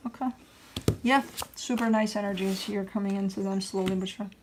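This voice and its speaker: Casual woman tarot reader, mid-pitched, slangy and chatty, repeats her advice. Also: fairly even intonation, fairly quick, background noise. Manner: chatty and loose, with slang and the odd curse; coaching and reassuring, repeats herself for emphasis. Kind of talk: casual spoken tarot reading.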